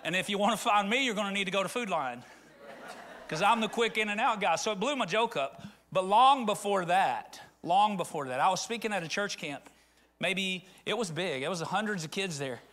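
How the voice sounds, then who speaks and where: A man's voice: high voice, lively intonation, moderate pace, fairly bright tone. A middle-aged man from rural Arkansas, preaching a conversational sermon that rises into fervent appeals. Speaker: pastor.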